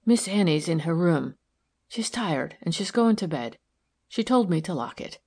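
A woman's voice: lively intonation, measured pace, warm tone, breathy edge, heavily acted. A woman doing a wheezy, anxious old maidservant. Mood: anxious pleading. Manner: pleading, shrill when upset. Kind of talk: audiobook character voice.

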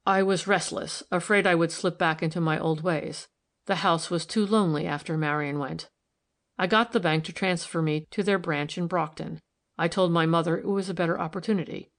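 A man's voice: a little high, fairly even intonation, normal speed, vocal fry, fairly bright tone. A woman reading the lines of a troubled young man who speaks soberly and wistfully in an audiobook.

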